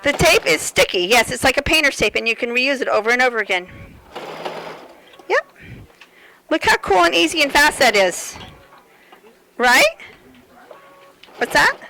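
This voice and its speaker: Bright, high-voiced joking sewing presenter woman. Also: sing-song, moderate pace, creaky, long pauses, low-quality recording. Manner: joking, rambling storyteller talking to the audience. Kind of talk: live demonstration with chatty stories. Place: seminar room at a sewing fair with a live audience.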